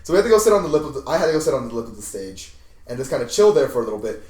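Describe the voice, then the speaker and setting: A young man rambles through a story on a casual podcast with friends. His voice sits at an ordinary pitch and sounds roomy and slightly distant from the mic, like a loose group recording. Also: very fast. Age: young adult. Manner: rambling, animated retelling with laughs. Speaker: podcast host. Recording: echoey room, mic at a distance.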